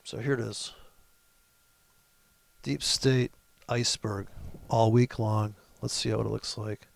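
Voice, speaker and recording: A man's voice: fairly low pitch, steady tone, takes it slowly, vocal fry. A man hosting a trading video, giving brash, profane, mocking commentary over his charts. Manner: brash, swearing, mocking, ranting. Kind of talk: profane ranting screen-share commentary.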